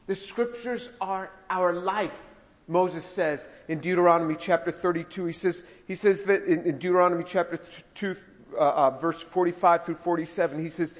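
Man preaching in a reverberant hall. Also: high voice. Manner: slow, deliberate scripture reading with repeated restarts. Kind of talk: sermon. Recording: dull lo-fi sound with long hall reverb.

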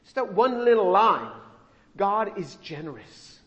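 A male pastor giving a sermon, expressive and acting out the scripture he reads. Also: high-pitched, measured pace, muffled recording. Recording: long hall reverb.

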